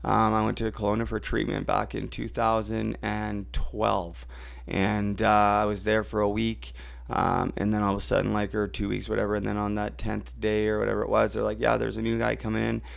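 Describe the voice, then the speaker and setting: Gravelly low-voiced Canadian man chatting. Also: a little fast. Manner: animated, rises and gets loud when making a point. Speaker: host. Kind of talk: casual chat.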